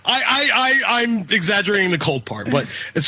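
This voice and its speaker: A man's voice: high voice, big pitch swings, normal speed, few pauses, bright, forceful tone. A man in his thirties from Philadelphia with a faint Philly accent, chatting crudely and animatedly as a podcast co-host. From Philadelphia, USA. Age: 30s. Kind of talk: casual chat. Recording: dull lo-fi podcast audio.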